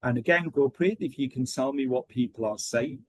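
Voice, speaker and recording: A man running an online teacher training session, talking in a steady rhythm with frequent ums and okays. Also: medium pitch, fairly quick, no echo, poor audio.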